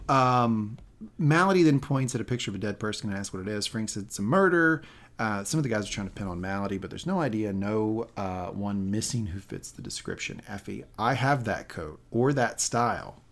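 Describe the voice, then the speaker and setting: A man's voice: fairly low pitch, sing-song, fairly quick, fairly bright tone. A man co-hosting a casual podcast recap, talking in a rambling, self-correcting way with wry asides. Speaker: podcast co-host.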